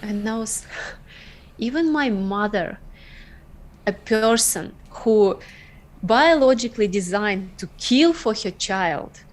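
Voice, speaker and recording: A woman's voice: mid-range voice, animated, takes it slowly. Earnest woman telling her story. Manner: earnest, emotional, dropping small words. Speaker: podcast guest. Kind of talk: personal storytelling.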